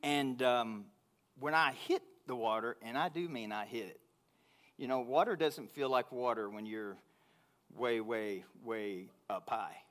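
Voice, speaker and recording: A man preaching to his congregation, telling a personal story in an animated way that grows loud and high when he gets excited. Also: a little slow. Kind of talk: sermon storytelling.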